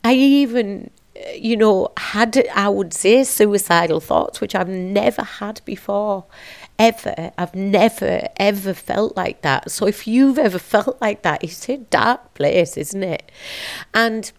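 A woman in her fifties, a business owner and teacher, speaking to camera in an emotional, halting, heartfelt way. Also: mid-range voice, vocal fry. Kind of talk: personal confessional vlog.

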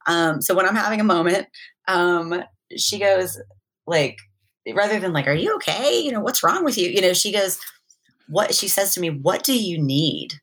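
A woman's voice: mid-range voice, lively intonation, normal speed, fairly bright tone. A woman in casual conversation, speaking earnestly and reflectively as a guest, often quoting herself and a friend.

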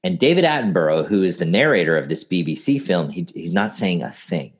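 A man in casual podcast conversation who tells animated anecdotes and gives advice to clients. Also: sits low, brisk.

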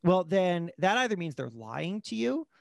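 Guy chatting on a podcast, kinda high voice, lots of restarts and asides, dead dry mic. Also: gravelly, no room sound. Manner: animated storyteller, fast asides, frequent restarts. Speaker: guest, magazine editor-in-chief. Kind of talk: casual interview talk.

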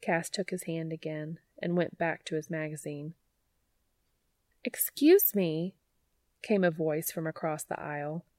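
Podfic narrator: woman, low-pitched, dry close recording, even and unhurried delivery. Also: no echo. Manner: even, unhurried, quiet reading. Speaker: podfic reader. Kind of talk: audiobook narration of fan fiction.

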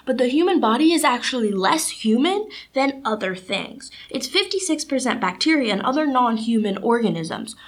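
Chatty and animated, a teen girl runs her student podcast alone, sprinkling in lots of "like" and "you know" fillers. She speaks at normal speed with few pauses, her voice on the high side.

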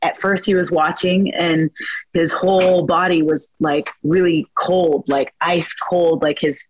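A woman's voice: on the low side, steady tone, a little slow, poor audio. A young woman from Washington state, a fighter, telling stories in a chatty interview, filling her speech with "like" and acting out what others said. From United States, Washington state. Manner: chatty, lots of "like", acts out quotes. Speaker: guest fighter. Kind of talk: casual interview storytelling.

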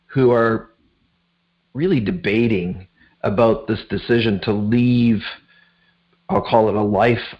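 A man hosting an interview who asks halting, reflective questions and murmurs agreement. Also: lowish voice, fairly even intonation. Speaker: podcast host. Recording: dull lo-fi sound.

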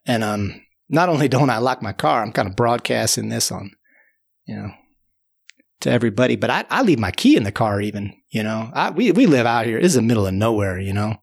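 Creaky-voiced man spinning a rambling yarn. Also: medium pitch. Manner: rambling, repeats words and fills with "you know". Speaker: storyteller. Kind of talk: casual spoken tall tale.

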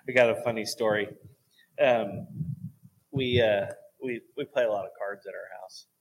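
A man telling lively stories about faith in a casual talk, going soft and low at times for emphasis. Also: measured pace, gravelly. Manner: animated storyteller, drops to a soft voice for emphasis.

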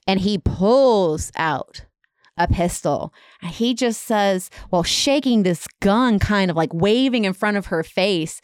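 A woman's voice: medium pitch, expressive, slow pace, clear, resonant tone, no room sound, studio quality. A woman casually retelling a dramatic story on a podcast, with many fillers.

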